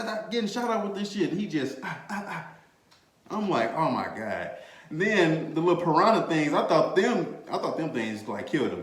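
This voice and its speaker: Animated slangy man in an echoey room. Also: fairly high pitch. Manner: animated, laughing, swears freely, slangy. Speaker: podcast host. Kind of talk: casual movie review chat. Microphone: desk mic, bumped at times.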